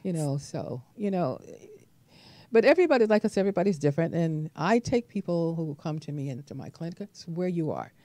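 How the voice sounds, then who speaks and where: A woman talk show host and nurse practitioner, affirming her guest and telling patient stories gently. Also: sits low, sing-song, brisk, no echo. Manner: affirming, frequent mm-hmms, gentle storytelling. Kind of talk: supportive interview talk.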